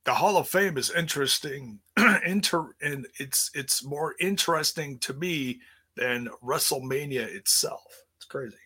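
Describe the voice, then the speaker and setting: A man's voice: on the high side, a little slow, bright, forceful tone, slightly rough. A man in his forties hosting a livestreamed podcast, chatting casually in a playful, rambling way with many restarts. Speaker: podcast host. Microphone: streaming setup.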